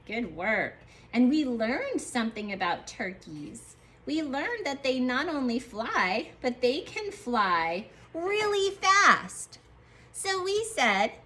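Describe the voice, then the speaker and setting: Slow, bright-voiced woman teacher. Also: fairly high pitch. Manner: slow, drawn-out letter sounds; encouraging praise to children. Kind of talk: early-grade writing lesson.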